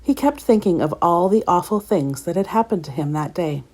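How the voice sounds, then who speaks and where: A woman reading a children's story aloud in a gentle, expressive way. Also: lowish voice, moderate pace.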